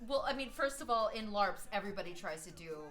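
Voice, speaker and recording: An American woman chatting casually on a live stream, telling rambling, animated stories. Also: mid-range voice, fast, faint music behind. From United States. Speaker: streaming artist.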